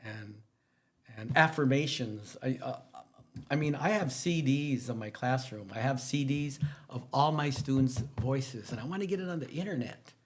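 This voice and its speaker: Rambling, emphatic male teacher, mid-pitched voice, casual podcast storytelling. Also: normal speed. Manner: animated, rambling, jumps between stories, emphatic pitch rises. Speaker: guest, teacher.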